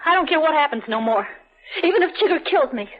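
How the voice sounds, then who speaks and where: A frantic young wife, her very high voice pleading and near tears as she begs in rough slang. It comes through a dull, lo-fi vintage radio drama recording. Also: expressive, quick pace. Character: desperate frightened young wife of a small-time dancer. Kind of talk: 1940s radio acting.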